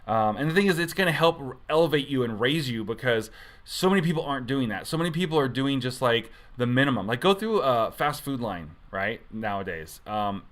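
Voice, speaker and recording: A man's voice: mid-range voice, animated, a little fast, a bit bright. A man giving a casual devotional talk as a youth pastor, rambling and conversational, often correcting himself mid-sentence.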